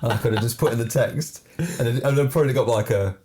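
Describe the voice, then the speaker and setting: A man's voice: mid-range voice, quick pace, warm tone, slight background noise. A man co-hosting a podcast, chatty and rambling, amused as he talks. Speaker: podcast co-host. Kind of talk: casual podcast chat.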